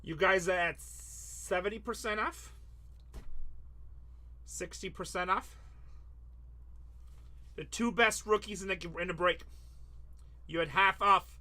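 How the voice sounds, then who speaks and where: A man with a bright, forceful, somewhat high voice hosts a live card-break stream. He talks in a quick selling patter, reads off long lists, and teases his buyers. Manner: joking, teasing, rattles off lists. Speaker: sports card break host.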